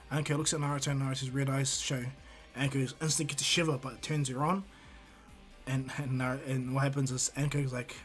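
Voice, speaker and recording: A man's voice: medium pitch, little pitch movement, fairly quick, faint music behind. A man improvising a fan-fiction story, rambling with many fillers and restarts.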